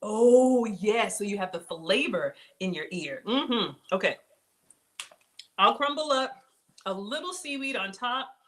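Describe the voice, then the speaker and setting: Woman, cooking show host, casual demo, excitable, chatty, medium pitch. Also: a little slow. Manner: bubbly, excitable, chatty, addresses viewers as y'all.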